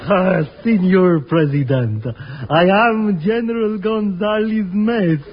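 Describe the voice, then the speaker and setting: An actor with a mock Spanish accent playing a grandiose revolutionary general in a 1950s radio comedy, speaking slowly and pompously. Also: male voice, high-pitched. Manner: slow, pompous. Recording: noisy lo-fi vintage radio recording.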